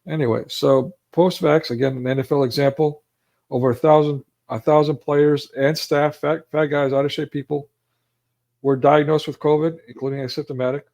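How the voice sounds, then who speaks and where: A man with a gravelly, fry-laden voice talks through a livestream, preaching and rambling between clips. He often corrects himself mid-sentence and turns emotional. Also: on the high side, fairly even intonation, moderate pace, darkish tone. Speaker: livestream host. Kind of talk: livestream commentary.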